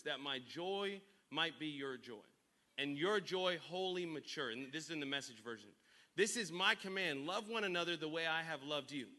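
A man preaches with a high, bright, piercing voice. He reads scripture aloud and drives his congregation to answer back, swinging between quiet reflection and loud, shouted calls. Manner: energetic call-and-response preaching, builds to shouting. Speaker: pastor. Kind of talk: sermon.

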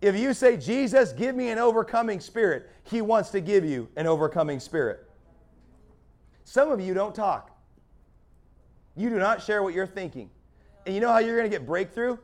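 A man's voice: sits high, lively intonation, moderate pace, pauses often, a little mellow. A man preaching a sermon as pastor, fiery and building in intensity.

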